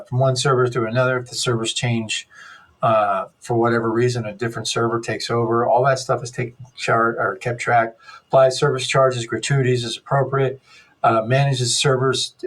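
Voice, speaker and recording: A man's voice: medium pitch, a bit bright. A middle-aged man giving an unscripted lecture as an instructor, rambling and correcting himself as he goes, with dry sarcastic asides.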